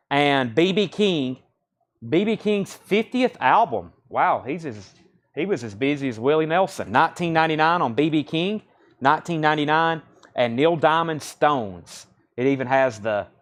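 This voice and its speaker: A man hosting a live-streamed record sale, reading out titles, prices and bids in brisk auctioneer-style calls. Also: medium pitch. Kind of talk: live-stream sales patter.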